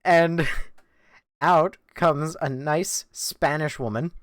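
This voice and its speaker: A man's voice: on the high side, fairly even intonation, takes it slowly, no echo, clean studio sound. A young man streaming a game, telling a rambling story in casual chat, self-mocking, swearing and laughing between lines.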